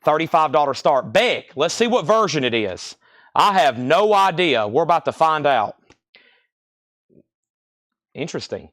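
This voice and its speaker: Fast-calling man auctioning records. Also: a little high, very animated, a bit bright, no room sound, clean studio sound. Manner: rapid-fire, repetitive calls of sales and prices. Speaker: live-stream record seller. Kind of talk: live auction patter.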